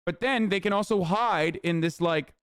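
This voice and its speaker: A man's voice: sits high, normal speed, fairly bright tone, smooth, dry recording, studio quality. A man in his thirties ranting angrily about politics on a live stream, cursing and sarcastic, reading chat messages aloud. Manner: profane, heated, sarcastic, reads chat aloud. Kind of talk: angry political rant on stream.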